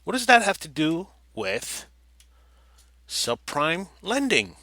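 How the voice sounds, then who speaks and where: Reading an article on his talk show, this podcast host keeps breaking away for sarcastic tangents and loud mock voices. His slightly high voice moves slowly with huge pitch swings, and the recording has no room sound.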